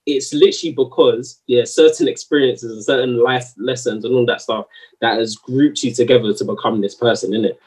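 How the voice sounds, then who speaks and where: A man's voice: mid-range voice, brisk, breathy edge, recorded from a distance, poor audio. A man in a heated, slangy podcast discussion, arguing his point. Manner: animated, slangy, argumentative.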